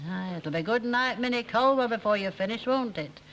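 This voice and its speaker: An actress playing a stern, sharp-tongued older woman with a Northern English accent, speaking in a scolding, sarcastic way. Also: fairly high pitch, brisk, slight background noise, close to an everyday voice, rough recording. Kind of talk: 1960s TV soap acting.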